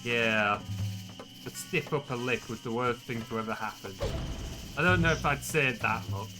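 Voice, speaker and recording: British man, gaming streamer, cursing at misses, game music playing loud behind. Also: mid-range voice, normal speed. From Britain. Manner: swears freely, grumbles at the game. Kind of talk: casual gaming stream chat.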